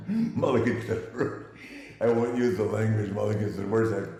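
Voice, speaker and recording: Older man, low voice, echoey room. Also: unhurried, mellow. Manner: rambling, chuckling, restarts sentences. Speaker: interview guest. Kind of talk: casual interview storytelling.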